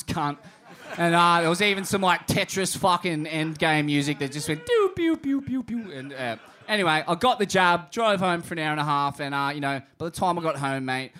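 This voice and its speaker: Loud, crude Australian man ranting. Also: sits high, slight background noise. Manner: crude profane rant, shouting punchlines. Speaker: comedy podcast co-host. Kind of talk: live comedy podcast storytelling. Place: live show in a pub.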